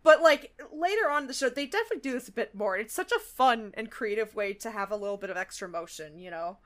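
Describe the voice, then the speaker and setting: A woman co-hosts a podcast in a casual chat. Her voice is high and bright and swoops widely. She giggles a lot and swears freely. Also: animated, fast talker. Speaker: podcast co-host. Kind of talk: casual chat recapping a cartoon.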